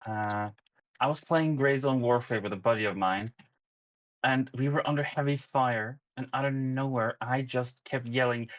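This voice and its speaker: A man's voice: mid-range voice, fairly even intonation, normal speed. Wry streamer man, dull voice-chat sound. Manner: wry storyteller, bursts into loud yelling impressions. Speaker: podcast guest, streamer. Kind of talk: casual anecdote.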